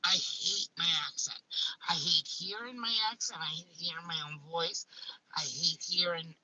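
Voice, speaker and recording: A woman's voice: fairly low pitch, a little slow, bright, forceful tone, low-quality recording. A woman with a Staten Island accent hosting a casual live stream. She talks bluntly, swears freely and often restarts her sentences. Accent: Staten Island, New York.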